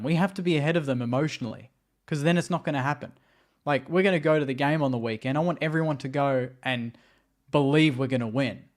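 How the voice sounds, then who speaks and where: Man, mid-pitched voice, chatty, earnest, casual podcast guest. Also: brisk. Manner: chatty, lots of "like" fillers, earnest. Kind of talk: casual chat.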